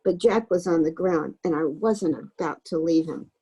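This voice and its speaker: A woman reads a novel aloud for a book club. Her voice sits low and dark, with a gravelly, husky grain. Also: moderate pace, poor audio.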